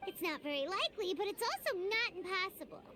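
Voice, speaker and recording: Very high, sing-song fairy companion for a game, bubbly and chatty. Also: female voice, very animated, quick pace, a crowd in the background. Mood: perky. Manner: bubbly, speaks of herself in the third person. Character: tiny chirpy floating fairy companion. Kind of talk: video game voice acting.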